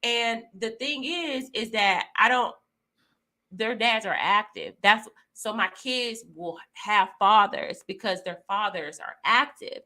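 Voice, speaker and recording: A young woman speaks frankly and plainly in a casual chat, slipping into slang. Her voice is bright and forward, sitting at an ordinary pitch. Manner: candid, frank, slangy, with quick reactions.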